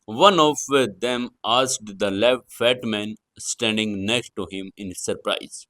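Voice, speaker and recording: A man with an Indian English accent reading a serialized story aloud, in a slow, halting way with restarts and uneven stress. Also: fairly low pitch, pushed and bright.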